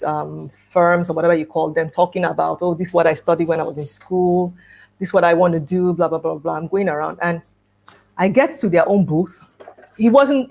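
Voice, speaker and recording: A woman's voice: on the low side, vocal fry. A middle-aged woman speaking at an education conference, telling a personal story and acting out the dialogue, with light laughs. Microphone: video call.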